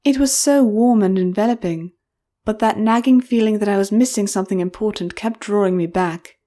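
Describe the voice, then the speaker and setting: A woman reading a first-person fantasy audiobook in a measured, expressive storytelling voice. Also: medium pitch. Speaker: audiobook narrator.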